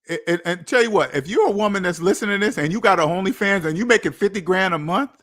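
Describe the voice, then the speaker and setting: A man's voice: sits high, animated, fast talker, fairly bright tone. A man hosting a finance channel, ranting casually, incredulous and repeating lines for emphasis. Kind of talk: casual livestream rant.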